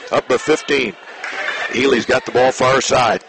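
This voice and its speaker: A man announcing a high school basketball game play by play, in brisk clipped calls that rise when a shot scores. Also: steady tone. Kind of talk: basketball radio commentary. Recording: noisy online radio broadcast.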